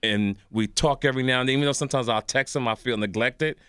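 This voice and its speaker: Older male comic, animated radio storyteller, bright forceful voice, close dry studio mic. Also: medium pitch, fast talker, clear, resonant tone, no room sound. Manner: excitable storyteller, acts out other voices, laughs while talking. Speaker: guest comedian.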